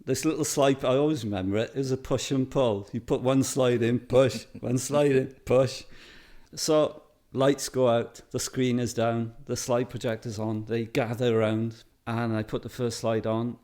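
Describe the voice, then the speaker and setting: A man's voice: mid-range voice, normal speed. A middle-aged Welsh man, interviewed, telling casual stories and acting out the people he quotes. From Wales. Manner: lively anecdotes, mimics others in quotes. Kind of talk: casual storytelling.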